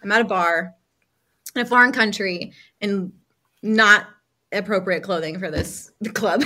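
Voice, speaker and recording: A woman, a healing coach, telling a personal story as a podcast guest, lively, acting out other people's lines and using many casual fillers. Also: medium pitch, a little slow.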